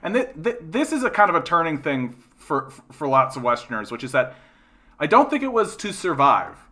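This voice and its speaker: Canadian man, livestream host, casual rambling chat, curses freely, keeps asking "right?", fairly high voice. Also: very animated, brisk, bright, forceful tone. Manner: rambling and profane, tagging sentences with "right?".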